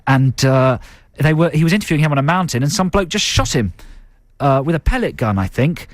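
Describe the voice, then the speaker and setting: A man's voice: a little high, lively intonation, fairly quick, dry recording. A man hosting a radio show in casual chat, chatty and laughing often. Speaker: radio host.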